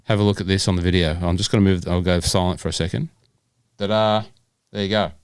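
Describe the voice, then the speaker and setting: A man's voice: low voice, fairly even intonation, quick pace, clear, resonant tone, no room sound, studio quality. A man co-hosting a casual podcast, joking around and stumbling as he reads questions aloud. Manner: jokey, stumbles and restarts when reading aloud. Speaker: podcast co-host.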